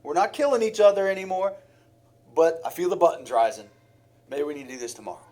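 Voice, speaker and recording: A man's voice: on the high side, animated, quick pace, darkish tone. A man preaching a sermon in a heartfelt way, with sighs and acted-out examples.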